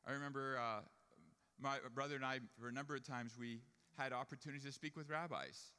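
Male preacher, storytelling sermon, bright forceful tone, long hall echo. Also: medium pitch, fairly even intonation, fairly quick, clean tone. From Jewish family upbringing. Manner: storytelling, rising to emphatic preaching.

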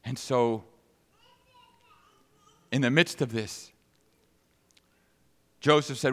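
A man preaching a sermon, retelling a scripture story with dramatic, animated delivery. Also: medium pitch, extremely slow, pauses often. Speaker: pastor. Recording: long reverb of a large hall.

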